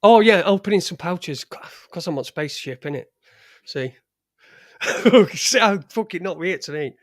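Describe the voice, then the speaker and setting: A man's voice: sits high, animated, moderate pace, no room sound, clean studio sound. A middle-aged man with a Yorkshire accent, hosting a casual livestream with rambling, crude, joking chat. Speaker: livestream host. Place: home studio in front of a green screen.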